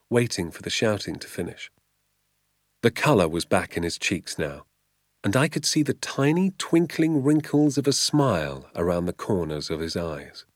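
A man narrating a children's novel aloud in a measured, expressive storytelling manner. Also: fairly low pitch, dry recording, clean studio sound. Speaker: audiobook narrator. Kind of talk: storybook reading.

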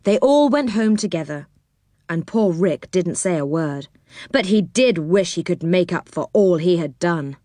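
Lively woman reading a children's story. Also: lowish voice, a little slow, no echo. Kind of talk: children's story read aloud.

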